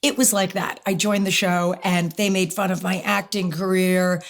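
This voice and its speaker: Animated middle-aged woman telling a story. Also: lowish voice, normal speed. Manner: animated storyteller, acts out quotes. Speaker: guest. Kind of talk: casual storytelling interview.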